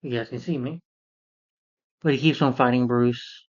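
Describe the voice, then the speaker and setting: A man's voice: medium pitch, fairly even intonation, normal speed, dull audio. A man giving a casual, rambling film review, retelling scenes and acting out characters.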